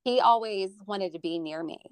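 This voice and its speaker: A woman's voice: mid-range voice, normal speed, clear, resonant tone, no echo. A woman from Florida chatting casually and telling stories about her family, with many restarts. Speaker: guest. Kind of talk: casual chat. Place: Northern Virginia.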